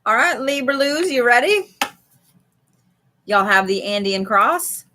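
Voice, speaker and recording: A woman's voice: on the high side, expressive, slow pace, pushed and bright. A woman giving a casual live card reading from home, chatty and swearing freely. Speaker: live tarot reader. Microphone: streaming setup.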